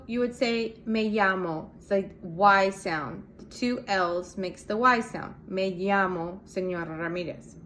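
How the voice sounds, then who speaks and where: Woman, American, language teacher, step-by-step explaining, medium pitch, faint noise behind. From United States. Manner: explains step by step, spells out letters, models pronunciations. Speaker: Spanish teacher. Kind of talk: casual video lesson.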